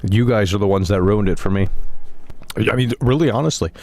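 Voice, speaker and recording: Low-voiced ranting male streamer. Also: fairly quick, a little mellow. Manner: ranting, profane, blunt. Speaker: game streamer. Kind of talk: live stream chat.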